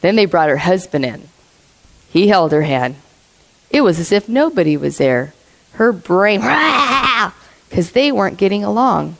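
A woman's voice: medium pitch, very animated, unhurried, gravelly, low-quality recording. A woman preaching a sermon to a congregation. She asks the listeners questions, laughs often and acts out the voices in her stories. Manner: acts out quoted voices in a storytelling way.

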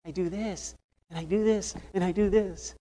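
A man's voice: sits high, steady tone, normal speed, mellow, voice pushed up, close to an everyday voice. A man putting on an eager, cheerful man. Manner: plain, repetitive, demonstrating. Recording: long hall reverb.

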